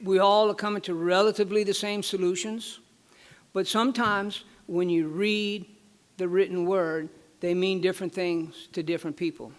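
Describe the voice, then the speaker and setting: A man, giving a conference talk in a folksy, joking way. His voice sits rather high for a man, and he stumbles over repeated words now and then. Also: fairly even intonation, normal speed. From Louisiana. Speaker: regulatory board presenter. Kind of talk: conference presentation.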